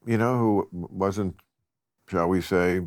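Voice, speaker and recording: A man's voice: low voice, steady tone, slow, a little mellow. A man hosting a casual chat, wry, blunt and profane, often chuckling mid-sentence. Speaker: host.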